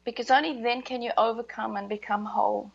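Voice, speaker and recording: An Australian woman with a high, gravelly voice, talking earnestly about her method as a grief coach. The sound is dull and lo-fi. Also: steady tone, brisk. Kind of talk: explaining her program in an interview.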